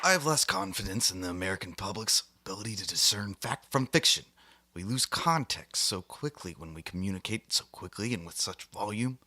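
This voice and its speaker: A man's voice: deep voice, animated, brisk, pushed and bright, some chatter behind, a little hiss or hum. A man hosting a satirical comedy monologue, delivering it in a mock-serious, grandiose way with theatrical asides. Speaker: host.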